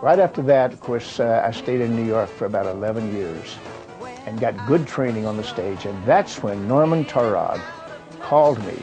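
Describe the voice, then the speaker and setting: A man's voice: medium pitch, moderate pace, music in the background. An older man from Kentucky, a retired actor, recalling his career in a rambling way with fillers and restarts. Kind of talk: reminiscing monologue.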